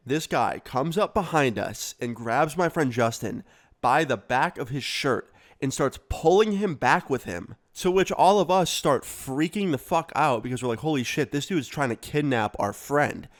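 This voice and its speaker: A man telling a storytime vlog story in a casual, profane, animated way. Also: mid-range voice. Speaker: storyteller vlogger.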